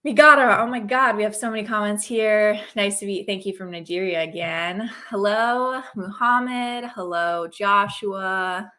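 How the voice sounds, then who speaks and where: A woman's voice: medium pitch, pushed and bright. A woman from Oregon hosting a casual livestream chat, upbeat and chatty, greeting viewers by name, with a slight cold. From Oregon, USA. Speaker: host.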